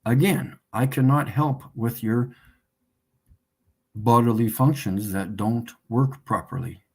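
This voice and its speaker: Slow-talking mocking male streamer. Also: medium pitch, darkish tone. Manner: mocking, laughs often at his own points; repeats himself slowly for emphasis. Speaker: livestream host. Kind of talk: casual livestream demonstration.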